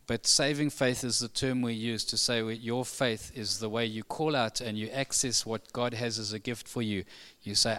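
A man preaching a sermon, building to fervent emphasis and then settling into quiet earnestness. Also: fairly high pitch, clean tone. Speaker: pastor. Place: church hall.

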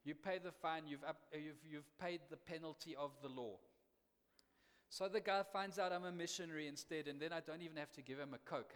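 A man preaching a sermon as a missionary, dramatic, swinging between loud emphasis and hushed quiet. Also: a little high, moderate pace. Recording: long hall reverb.

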